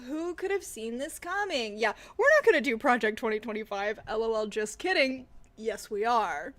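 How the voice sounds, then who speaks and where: High-pitched woman streamer ranting about politics, sarcastic, swears a lot, mutters then gets loud. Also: expressive, normal speed. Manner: sarcastic, profane, swings from mutters to loud rants. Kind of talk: casual livestream commentary.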